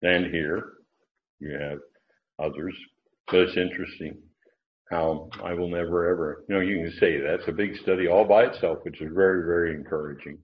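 A very low-pitched man leads a casual Bible class, thinking aloud as he goes and circling back on his phrasing. The recording is muffled and lo-fi. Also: fairly even intonation, normal speed. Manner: conversational, thinking aloud with fillers and restarts. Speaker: Bible teacher. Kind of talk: informal Bible lesson. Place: class with online listeners.

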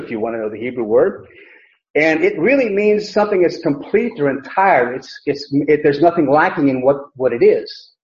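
A man's voice: on the high side, a little mellow. A man teaching a verse-by-verse Bible lesson, emphatic, repeating key phrases and often restarting sentences. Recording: echoey room, dull lo-fi sound.

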